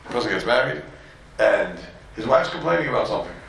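A Borough Park, New York rabbi teaching yeshiva students Torah speaks fast in a medium-pitched, gravelly, slightly bright voice with big pitch swings. He repeats words, acts out quotes, and peppers his speech with Hebrew and Yiddish. The poor audio is distant and heavily reverberant, with a little hiss or hum.

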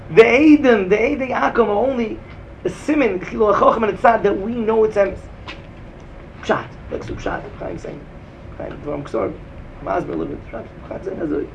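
Male Talmud teacher with a Yeshivish English accent; high, gravelly, sing-song delivery over a faint hiss. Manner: sing-song, rising to emphatic bursts and dropping low. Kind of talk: yeshiva-style Talmud lecture.

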